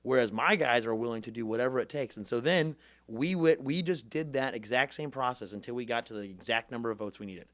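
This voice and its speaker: A man in his twenties, a podcast guest, telling his story in a fast, animated, profane way and acting out the people he quotes. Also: medium pitch, no room sound. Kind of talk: casual storytelling interview.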